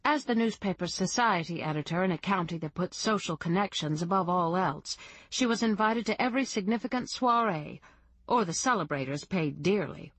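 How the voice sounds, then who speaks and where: Brief: woman audiobook narrator, low register, dry studio sound, first-person storytelling. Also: expressive, normal speed, a bit bright, no room sound. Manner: reads in first person, lightly voicing characters. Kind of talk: scripted narration.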